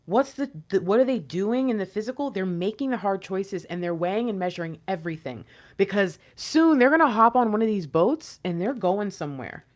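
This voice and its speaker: A woman giving an intuitive tarot reading, animated and playful, sometimes dropping into whispers. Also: mid-range voice. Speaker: tarot reader.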